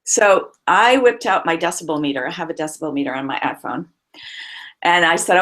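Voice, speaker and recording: A woman's voice: fairly low pitch, a little fast, fairly bright tone. A woman voice coach, a guest on a remote call, telling client stories expressively with frequent laughs.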